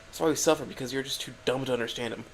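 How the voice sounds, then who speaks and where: A man's voice: mid-range voice, racing, lightly acted. A man voicing a cold, scornful young woman with claws, in a contemptuous, dismissive tone in an audio story.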